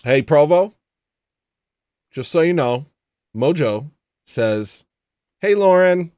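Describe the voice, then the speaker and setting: A man hosts a livestream, casually chatting and reading viewer comments with dry, sardonic asides. His medium-pitched voice is expressive and darkish, he takes his time, and the recording is dry.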